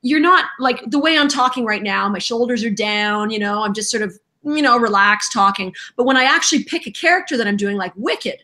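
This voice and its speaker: Lively woman guest, bright high voice, acts out every quote. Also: brisk, few pauses. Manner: animated storyteller, acts out quotes. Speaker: voice actress guest. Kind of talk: casual interview chat.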